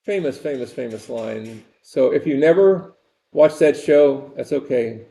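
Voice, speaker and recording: A man's voice: medium pitch, expressive, takes it slowly, warm tone. An older man giving a rambling, conversational university lecture and repeating his phrases.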